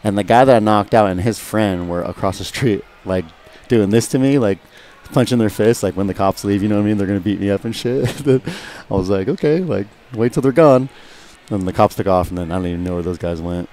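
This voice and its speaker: A man's voice: fairly low pitch, quick pace, a little mellow, a little hiss or hum. A man telling a rambling, profane story in casual radio chat, acting out what people said. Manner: profane, rambling, acts out quotes. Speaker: guest fighter.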